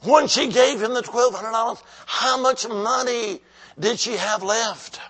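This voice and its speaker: Male evangelist, husky and raspy, exhorts the congregation and drops from shouts to hushed whispers. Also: extremely high pitch, measured pace. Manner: calls out to the congregation. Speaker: preacher. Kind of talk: revival sermon.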